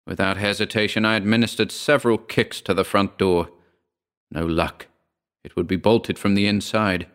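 A man reading a horror short story aloud in a measured, grave storytelling manner. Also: on the low side, steady tone, a bit bright, clear, resonant tone. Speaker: narrator. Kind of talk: scripted horror narration.

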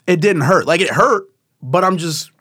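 Talkative man with a fairly high voice. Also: normal speed, pushed and bright, husky, no echo, clean studio sound. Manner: rambling, many fillers and restarts, laughs often. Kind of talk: casual conversation.

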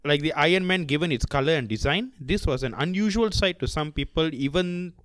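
A man co-hosting a podcast, telling a story in animated casual banter and acting out scenes, often stumbling over restarts. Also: fairly high pitch, brisk, smooth. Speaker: podcast co-host.

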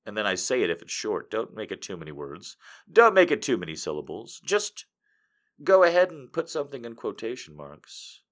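A man ranting casually to his audience, swearing freely and swinging between loud outbursts and muttered asides. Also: on the low side, normal speed. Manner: animated, swearing, jumping between loud and quiet. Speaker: streamer.

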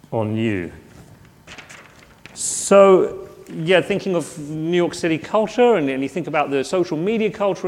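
A male preacher talks through his sermon conversationally, posing questions to the congregation and restarting phrases as he goes. His voice sits a little high for a man. Long reverb hangs behind every phrase, as in a big hall. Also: a little mellow.

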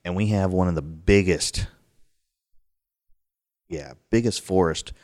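Male storyteller, low pitch, dry close sound, casual and animated. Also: takes it slowly, dry recording. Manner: animated, acts out the scares with sudden high outbursts. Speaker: guest telling a story.

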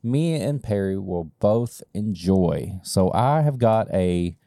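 A jokey man co-hosts a casual talk podcast with a lowish, mellow voice. His pitch swings widely as he banters. The sound is dry and close. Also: animated, slow, no echo. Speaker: podcast co-host. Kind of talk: casual chat.

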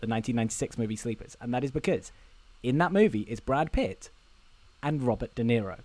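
A man's voice: medium pitch, fast talker, dry recording. A man co-hosting a podcast, casually recapping a film scene by scene and acting out lines as he goes. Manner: animated retelling, acts out film lines. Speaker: podcast co-host.

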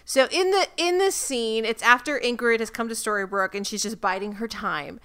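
A woman's voice: on the high side, normal speed, sharp tone, clear, resonant tone. A young woman co-hosting a casual TV recap chat, thoughtful, retelling scenes with little laughs. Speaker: podcast co-host.

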